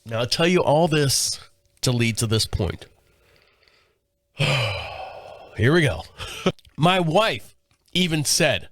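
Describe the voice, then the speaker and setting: A man's voice: on the high side, animated, slow pace, pauses often, fairly bright tone, no room sound, clean studio sound. A man hosting a podcast, telling a long story in a casual, rambling way with frequent restarts. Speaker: podcast host.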